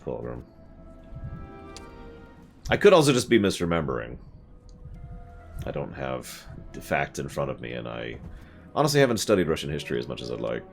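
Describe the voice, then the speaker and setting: A man's voice: a bass voice, creaky. A man giving casual, rambling let's-play commentary on a game stream, often self-deprecating.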